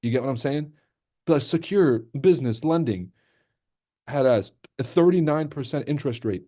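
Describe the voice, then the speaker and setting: A man's voice: medium pitch, lively intonation, normal speed, warm tone. Profane, joking male livestream trader. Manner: joking, profane, reacts to chat. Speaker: livestream trading host. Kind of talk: casual livestream commentary.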